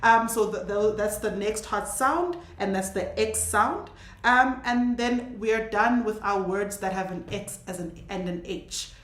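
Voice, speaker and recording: Woman teacher, casual lesson, models sounds slowly and patiently; mid-pitched, roomy echo. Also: fairly bright tone. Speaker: language teacher. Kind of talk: casual spoken language lesson.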